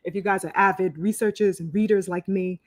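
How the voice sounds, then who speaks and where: A woman hosts a live podcast in a loose, chatty way, full of "um"s, "you know"s and restarts. Her voice sits in a middle pitch. The sound is dry and close, with no room around it. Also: steady tone, fairly quick, no echo. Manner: chatty, many fillers and restarts, greets viewers by name. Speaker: podcast host. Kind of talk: casual live-stream talk.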